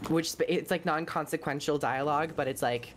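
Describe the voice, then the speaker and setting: Low-voiced Californian woman, playful. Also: brisk, slight background noise. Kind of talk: casual gaming chat.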